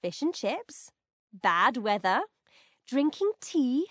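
A woman co-hosting a podcast in scripted casual chat, bright and chatty. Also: on the high side, very animated, takes it slowly, no room sound. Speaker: podcast co-host.

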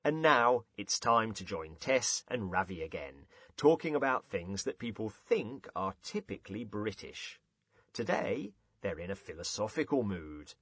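A man hosting a podcast for English learners, reading out listeners' jokes with lively, amused storytelling. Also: lowish voice, measured pace, slightly rough, dry recording. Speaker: podcast host.

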